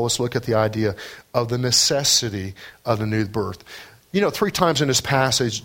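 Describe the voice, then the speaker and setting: A man preaching a sermon, emphatic, climbing high on scripture and key points and often repeating words as he starts a phrase. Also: fairly bright tone. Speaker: pastor.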